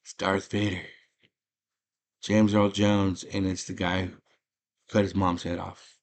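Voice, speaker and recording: A man with a fairly low voice retells a movie scene by scene in a loose, chatty way. He gets animated as the story builds, slipping into quick impressions of the characters. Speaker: movie podcast host.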